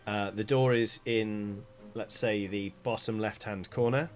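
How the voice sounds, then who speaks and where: A man's voice: on the low side, steady tone, unhurried, soft background music. A man narrating as dungeon master, describing scenes loosely with lots of fillers. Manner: rambling, filler-heavy description. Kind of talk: narrating a tabletop game.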